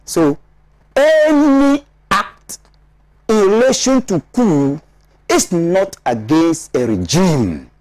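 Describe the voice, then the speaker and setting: A man's voice: high voice, sing-song, slow pace, a little mellow, no room sound. Emphatic man lecturing on a studio panel. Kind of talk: studio discussion analysis.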